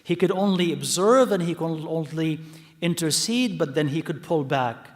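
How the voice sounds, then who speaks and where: A man's voice: a little high, expressive, moderate pace, in a large hall. A man teaching a religious lesson to a live audience, explaining the text with repeated points, rhetorical checks and brief Arabic phrases. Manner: mixes in short Arabic phrases and blessings. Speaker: lecturer teaching hadith. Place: mosque hall.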